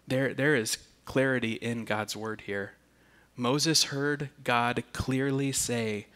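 Guy preaching a sermon real slow, steady middle pitch, repeats words on restarts. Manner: slow and deliberate, with emphatic restarts. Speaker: pastor.

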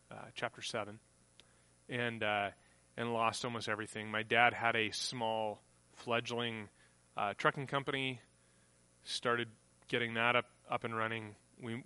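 A man's voice: on the low side, bright, forceful tone. A man preaching a sermon in a conversational way, acting out the voices of people he quotes. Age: adult, grew up on a farm family. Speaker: pastor.

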